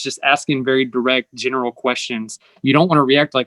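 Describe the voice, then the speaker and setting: A man's voice: mid-range voice, steady tone, a little fast, hardly any pauses, a bit bright, no echo. A man hosting a casual conversation, earnest and explanatory, with some fillers. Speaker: host.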